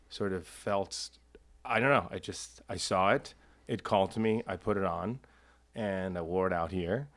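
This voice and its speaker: A man's voice: sits low, dry recording. A man co-hosting a podcast, talking in a reflective, casual way and murmuring agreement often. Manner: soft-spoken, reflective, many affirming murmurs. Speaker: podcast co-host. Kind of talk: casual chat.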